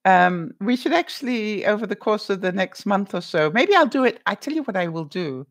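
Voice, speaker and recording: A middle-aged woman hosting a casual livestream, talking to her viewers and reading their comments, animated and full of fillers and rhetorical questions. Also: medium pitch, brisk.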